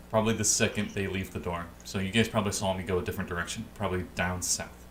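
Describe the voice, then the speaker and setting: A man playing a tabletop game, chatty and animated as he describes his character's moves. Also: low-pitched, fast talker, slight background noise. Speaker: player. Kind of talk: casual play chat.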